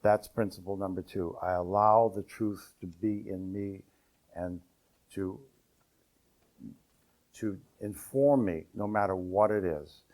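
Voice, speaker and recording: A man, an enneagram teacher, explaining principles in a calm, measured cadence. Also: deep voice.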